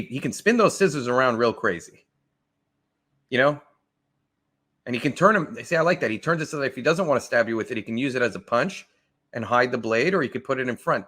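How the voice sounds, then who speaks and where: A man's voice: mid-range voice, fairly bright tone. A man giving enthusiastic, conversational reaction commentary on martial arts training, often restarting his sentences as he goes. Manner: enthusiastic, conversational, self-correcting.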